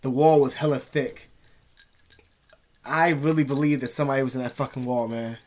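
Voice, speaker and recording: A man's voice: medium pitch, steady tone, moderate pace, a little mellow. A young man vlogging from an indoor room, telling a story in a rambling, profane, streetwise way. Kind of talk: casual storytelling to camera.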